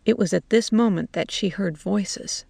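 A woman narrating a story in a slow, measured way. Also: medium pitch, vocal fry, warm tone, slightly rough, no room sound.

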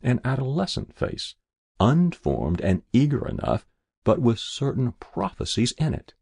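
A man reading a story aloud in measured, expressive narration. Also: mid-range voice, creaky, slightly rough, no echo, clean studio sound.

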